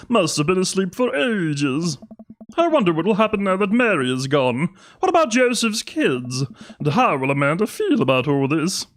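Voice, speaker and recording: A man's voice: sits high, a bit bright, voice pushed up. A man voicing a nervous captive dad in a nasal cartoon-alien impression. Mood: sleepy.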